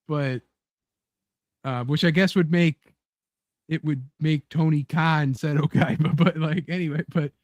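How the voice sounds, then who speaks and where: A young man with a slightly raised pitch, joking and laughing as he riffs on a casual show. The recording is dry and close, with no room sound. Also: fairly even intonation, unhurried, long pauses, darkish tone, no echo. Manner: joking, laughs often, puts on silly voices. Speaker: podcast host. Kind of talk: casual chat.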